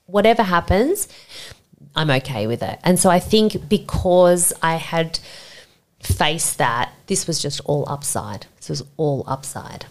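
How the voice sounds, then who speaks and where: A woman's voice: sits low, expressive, measured pace, darkish tone. A woman in her forties from Sydney with an Australian accent, a podcast guest talking candidly, reflective and rambling with many fillers. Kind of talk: candid conversational interview.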